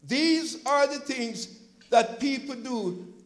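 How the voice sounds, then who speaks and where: A male preacher giving an impassioned sermon, telling stories from his church's food pantry and at times rising to a shout. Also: very high-pitched, lively intonation, slow, rough recording. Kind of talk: sermon with storytelling.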